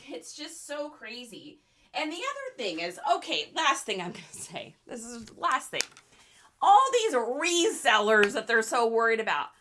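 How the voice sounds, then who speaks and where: Middle aged lady ranting on her stream, high voice jumping all over, bright. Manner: animated, ranting, gets worked up. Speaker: reseller livestreaming product photography. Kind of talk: casual livestream chat to viewers.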